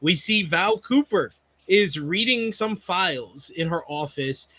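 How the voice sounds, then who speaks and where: A man's voice: high-pitched, animated, unhurried, sharp tone. A man hosting a show review, joking and steering the talk between recaps. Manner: joking, leads discussion and recaps. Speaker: podcast host. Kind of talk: casual review chat.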